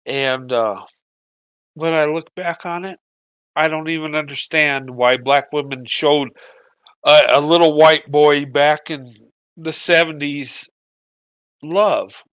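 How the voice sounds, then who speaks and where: A middle-aged man giving a halting, emotional personal monologue to his viewers, tearful and often repeating his words as his voice breaks. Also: a little high, fairly even intonation, fairly bright tone, clear, resonant tone, no echo. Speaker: vlogger.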